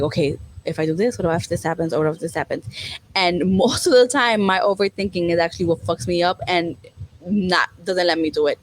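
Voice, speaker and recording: A woman's voice: fairly low pitch, no room sound, rough recording. Fields: Sex: woman. Role: podcast co-host. Style: candid chat. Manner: blunt, swears freely, switches into Spanish.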